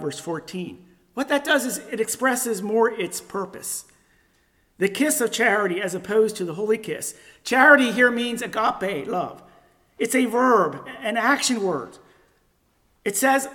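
Man, preacher, sermon, emphatic repeated words, measured scripture reading, long hall reverb. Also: very high voice, lively intonation.

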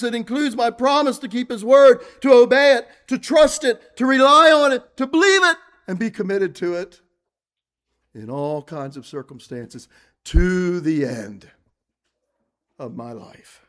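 This sermon comes from a man speaking a little slowly in a slightly bright voice. He reads scripture, repeats his points with earnestness, and often drops to a murmur as each phrase finishes.

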